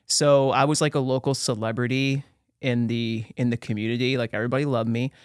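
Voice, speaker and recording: A young man from Pennsylvania, a podcast guest telling his life story in a casual, animated way with slangy asides. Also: mid-range voice, a little fast, smooth, no echo, studio quality. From Pennsylvania, USA.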